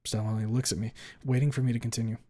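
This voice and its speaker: A man reading a first-person story aloud on his stream, shifting from hushed breathing to clipped, profane anger. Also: medium pitch, flat delivery, very fast. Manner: hushed, then swearing and tightly angry.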